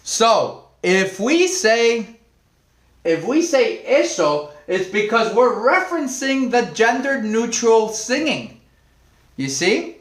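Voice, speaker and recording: Male language teacher, high lively voice, unhurried delivery, echoey room mic. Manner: animated, playful, reads and answers viewers' comments. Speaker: Spanish teacher. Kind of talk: live online language class.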